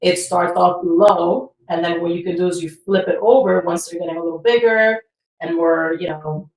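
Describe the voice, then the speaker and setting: A chatty woman in her thirties with a fairly low voice, co-hosting a casual podcast. She swears freely and laughs easily. The sound is roomy and she sits back from the mic. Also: fairly even intonation, moderate pace, distant mic. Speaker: podcast co-host. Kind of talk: casual chat.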